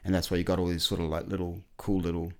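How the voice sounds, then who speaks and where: A man with a very deep, low-pitched voice chats casually on a podcast. He rambles with enthusiasm, stacking fillers and restarting his sentences as he goes. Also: level tone, quick pace. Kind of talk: casual chat.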